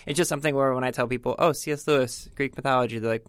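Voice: mid-range voice, fairly even intonation, rapid-fire, no echo. A chatty speaker talking through a book pick, full of fillers and asides. The sound is dry and close. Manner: chatty, teasing, many fillers. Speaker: book discussion co-host. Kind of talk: casual chat.

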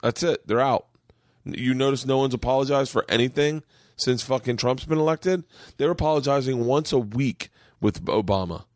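A man's voice: mid-range voice, moderate pace, no room sound. An American man hosting a podcast from his home studio, chatting casually, joking and swearing often. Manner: profane, joking, rambling. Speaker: podcast host. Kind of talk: casual chat.

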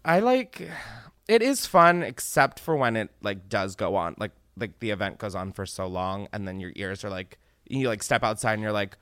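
Hosting his podcast, this man meanders through loose conversation, swearing without restraint and breaking into laughter often. He has a fairly low, clear and resonant voice with a fairly bright tone, lively intonation and normal pace. The studio sound is clean, with no room sound.

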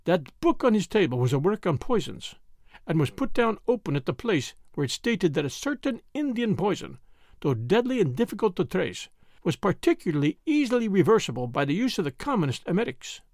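A man's voice: high voice, big pitch swings, brisk, a little mellow, no room sound, studio quality. A composed grave doctor, read by a man. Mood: explaining.

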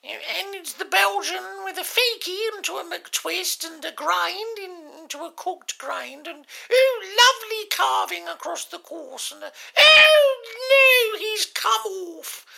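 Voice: very high voice, expressive, slow, vocal fry, few pauses, bright, forceful tone, heavily acted. A performer voicing an elderly queen who gives prim, gushing sports commentary. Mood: prim excitement.

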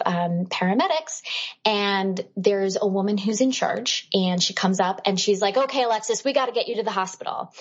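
Husky-voiced woman telling a story. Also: medium pitch, highs cut off. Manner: animated, acts out what others said. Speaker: podcast guest. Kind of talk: personal storytelling.

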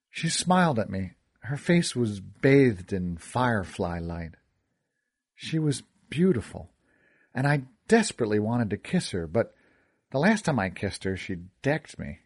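A man tells a first-person story with an animated, rising and falling pitch. His tone is expressive, and he turns wry and joking in his own character's lines. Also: a little slow. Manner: expressive, wisecracking in dialogue. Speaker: audiobook narrator. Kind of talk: first-person audiobook narration.

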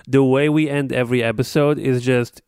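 Clear-voiced man chatting on a podcast. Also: medium pitch, fairly quick, no room sound, studio quality. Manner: animated storytelling, swearing. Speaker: podcast co-host. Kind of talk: casual podcast chat.

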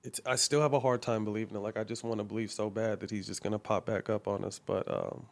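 A middle-aged man talks through a long personal story in a casual interview, his voice held in a narrow, level pitch. He speaks candidly and swears freely, often restarting his phrases. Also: steady tone, quick pace. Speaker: guest.

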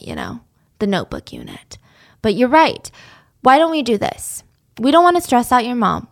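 A woman voicing a middle-aged man posing as an FBI agent, coaxing and persuasive. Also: medium pitch.

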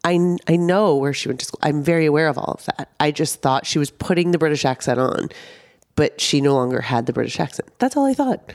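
A woman in her thirties co-hosting a podcast in casual chat, animated and quick to swear. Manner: swearing, animated, jumps up in pitch for emphasis. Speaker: podcast co-host.

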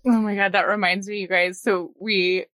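A woman's voice: mid-range voice, fairly even intonation, moderate pace, a bit bright, no echo. A woman in her thirties co-hosting a podcast, chatting casually with a lot of "like" and frequent laughs. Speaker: podcast co-host. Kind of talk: casual chat.

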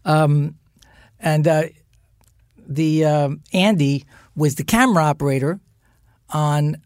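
Taking it slowly, an older actor with a voice on the high side tells lively anecdotes as a podcast studio guest. The chat is casual, he acts out the voices of people he quotes, and there's no echo.

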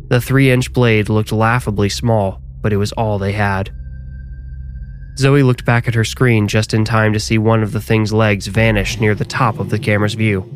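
A man reading a scripted horror story aloud, with measured, dramatic storytelling. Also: lowish voice, slight background noise.

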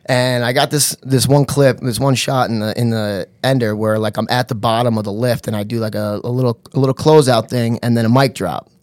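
A man telling a funny story in casual chat, animated and laughing often, with lots of "you know" and "bro". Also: mid-range voice, fairly quick, hardly any pauses, dry recording. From New York area. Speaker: podcast guest.

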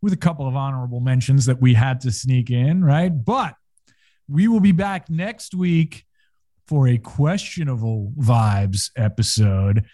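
A man's voice: medium pitch, dark tone. A man hosting a casual podcast chat, talking unhurriedly with plenty of fillers and little chuckles. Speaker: podcast host.

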